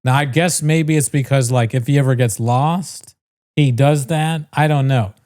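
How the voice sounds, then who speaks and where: Here a man on a podcast, speaking at a moderate pace in a medium pitch with a somewhat dark tone, relaxes into a lengthy anecdote. He swears liberally and does impressions of the story's characters as a co-host.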